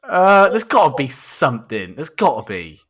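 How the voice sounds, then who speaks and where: A man's voice: a little high, huge pitch swings, normal speed, a bit bright, slightly rough. A young man co-hosting a casual podcast over a video call, bantering and laughing a lot. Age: young adult. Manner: joking, bantering, laughs often. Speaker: podcast co-host. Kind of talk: casual chat.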